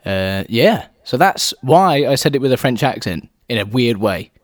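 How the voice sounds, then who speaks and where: Male podcast co-host, animated pitch, dry close sound, chatty and giggly. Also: moderate pace, no room sound. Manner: chatty, laughs often, lively. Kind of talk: casual chat.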